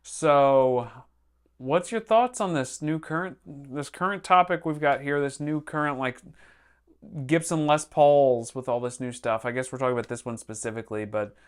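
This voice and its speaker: A man co-hosting a relaxed guitar show in an everyday middle-pitched voice. He rambles a little and wanders through his points with fillers and restarts. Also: moderate pace, clean tone. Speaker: co-host. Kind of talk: casual chat about guitars.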